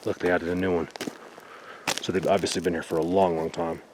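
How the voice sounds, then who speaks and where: A man vlogging outdoors in a forest, excitedly showing viewers what he finds and sometimes dropping to a whisper. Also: deep voice, fairly quick, noisy background. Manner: excited, talks to viewers, drops to a whisper at times. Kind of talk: outdoor exploring vlog.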